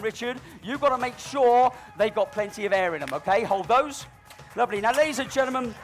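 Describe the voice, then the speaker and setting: A man's voice: very high-pitched, a bit bright. A middle-aged man doing live stage comedy as a balloon performer, with cheeky, cajoling banter aimed at an audience volunteer.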